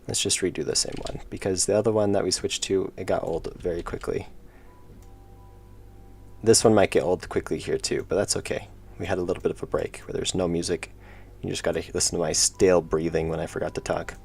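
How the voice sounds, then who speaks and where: Low gravelly man muttering while he draws. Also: fairly even intonation, a little fast, a little mellow, soft background music. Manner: muttering to himself, self-deprecating asides. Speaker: indie game developer streaming. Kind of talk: casual livestream commentary while drawing.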